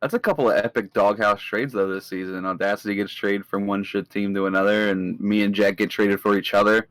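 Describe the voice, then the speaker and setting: A man's voice: lowish voice, fairly even intonation, a little fast, a bit bright, dry recording, poor audio. A man co-hosting a podcast, ranting with sarcasm in casual chat.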